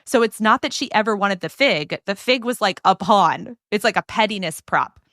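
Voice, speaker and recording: A woman podcast host telling a story in a casual chat, animated and full of "like" fillers. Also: mid-range voice, normal speed, no echo, studio quality. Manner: animated retelling with many "like" fillers.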